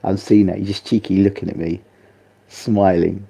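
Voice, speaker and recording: Man, grieving, soft halting tribute, gravelly fry, dark mellow tone. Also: low voice, little pitch movement. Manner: halting, soft and subdued, many pauses and fillers. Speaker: boxing channel host. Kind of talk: personal spoken tribute.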